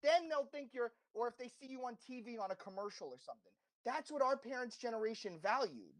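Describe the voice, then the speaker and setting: In a casual podcast interview, a slightly accented guest speaks fairly quickly in an extremely high voice with big pitch swings. His advice is impassioned and rambling, full of restarts and self-corrections.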